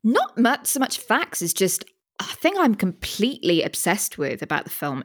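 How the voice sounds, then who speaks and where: British woman, low-pitched, dry close mic, chatty podcast co-host, enthusiastic. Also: animated, fairly quick, no echo. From Britain. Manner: chatty, enthusiastic, trailing off and restarting. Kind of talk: casual chat. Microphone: studio microphone with pop filter.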